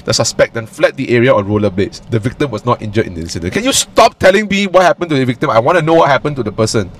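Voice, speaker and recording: Lively laughing man co-hosting a podcast. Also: medium pitch, rapid-fire. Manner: laughs often, reads news aloud with sarcastic asides. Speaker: podcast co-host. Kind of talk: casual chat.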